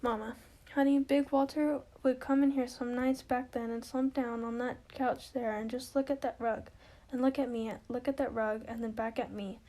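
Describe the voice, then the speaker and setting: A woman voicing Mama, a wistful, grieving older widow and matriarch, in an amateur play reading, talking slowly in homely, folksy phrasing. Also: a little high, fairly even intonation, warm tone, close to an everyday voice. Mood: reminiscing.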